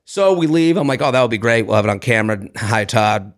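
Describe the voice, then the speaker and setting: A young man co-hosting a podcast, telling a story in lively casual chat and acting out the voices of people in it. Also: medium pitch, fast. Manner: animated, acts out voices, swears and laughs. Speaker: podcast co-host.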